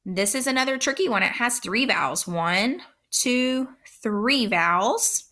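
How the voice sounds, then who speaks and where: A woman teacher giving a recorded phonics lesson for young children, speaking slowly and patiently with careful, clear enunciation. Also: on the high side, expressive, sharp tone.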